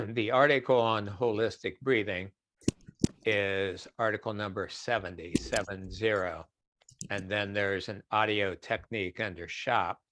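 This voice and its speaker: Deep-ish guy chatting on a webinar q&a, dry sound, throws in little acted quotes. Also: fairly bright tone, no echo. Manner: chatty, acts out quoted voices. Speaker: guest speaker answering questions. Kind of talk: online webinar Q&A.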